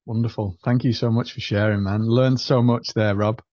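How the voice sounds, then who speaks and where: A man's voice: lowish voice, steady tone, moderate pace, darkish tone, no echo. Appreciative man, dry dull sound. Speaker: podcast co-host and coach. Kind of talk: podcast conversation.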